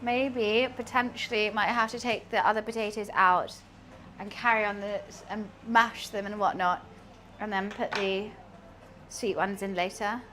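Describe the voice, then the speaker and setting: A woman's voice: mid-range voice, fairly even intonation, unhurried, fairly bright tone, a little hiss or hum. A young woman with a slight lisp, chatting playfully with her stream chat while she cooks. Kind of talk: casual cooking stream chat.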